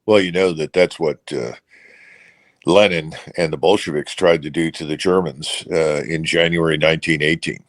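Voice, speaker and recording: A man with a very low voice talks through political analysis as an interview guest. He speaks unscripted and measured, pausing on fillers and restarting phrases as he thinks. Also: steady tone. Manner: measured, with many hesitations and restarts.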